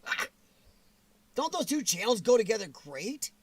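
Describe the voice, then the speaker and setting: A man's voice: sits high, expressive, moderate pace, no room sound. A man hosting a livestream in casual chat, greeting viewers by name and laughing often, his voice strained and weakened. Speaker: livestream host.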